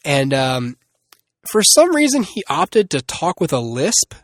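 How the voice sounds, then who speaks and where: A man's voice: on the high side, huge pitch swings, measured pace, no room sound, clean studio sound. A man hosting a solo movie review podcast, rambling and restarting often with many fillers. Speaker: podcast host.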